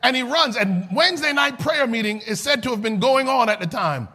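A man preaching a sermon, rising to shouts and then dropping low and soft. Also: expressive, brisk.

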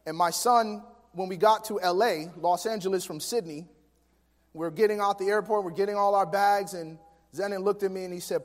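A man preaching a sermon, telling family stories in an animated way that swings from soft to emphatic. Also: sits high, normal speed. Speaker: pastor. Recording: long hall reverb.

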